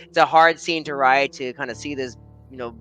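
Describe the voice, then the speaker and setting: A man's voice: medium pitch, steady tone, brisk, a bit bright, faint music behind, poor audio. A man, an author guest in a casual interview chat, talking in a friendly way with frequent laughs and fillers.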